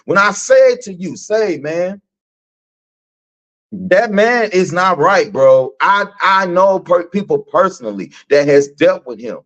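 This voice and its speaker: A man's voice: high-pitched, unhurried. A middle-aged man from Texas, ranting animatedly and profanely to his live-stream audience, repeating himself for emphasis. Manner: animated, repetitive, preachy and profane. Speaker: host.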